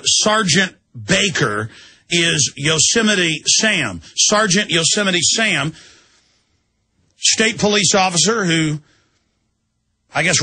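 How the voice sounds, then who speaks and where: A man's voice: fairly high pitch, pushed and bright, slightly rough. A man hosting a radio show, delivering an indignant ranting monologue and acting out quotes in shifting voices. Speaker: radio host.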